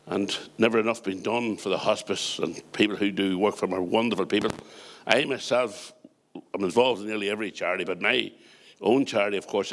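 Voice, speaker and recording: A man's voice: on the low side, a bit bright. A middle-aged man with a Northern Irish accent doing stand-up comedy, firing off jokes with chatty asides to the crowd. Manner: joke-telling, quick punchlines, chatty asides to the crowd. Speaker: comedian and compere.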